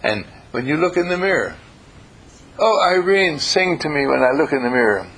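Predicador de voz ronca y animada. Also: male voice, fairly high pitch, normal speed, husky. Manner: animated, playful, acts out voices. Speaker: preacher. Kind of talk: storytelling sermon.

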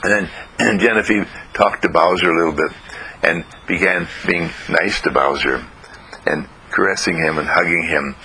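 Gravelly-voiced man telling a children's story. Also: sits low, a little hiss or hum, rough recording. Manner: gentle, slow, lively storytelling with throat clearing.

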